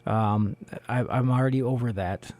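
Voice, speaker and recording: A man co-hosting a community radio show in casual solo talk, hoarse from losing his voice, rambling with many fillers, in a small studio on a studio microphone. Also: mid-range voice, normal speed, a little mellow, no echo. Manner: rambling, heavy on "you know" fillers.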